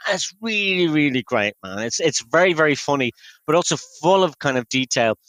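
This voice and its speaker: A man's voice: fairly high pitch, expressive, fairly quick, fairly bright tone, dry recording, low-quality recording. A man hosting a podcast, recapping a film in an enthusiastic, rambling way. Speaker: podcast host. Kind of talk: casual chat. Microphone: podcast microphone.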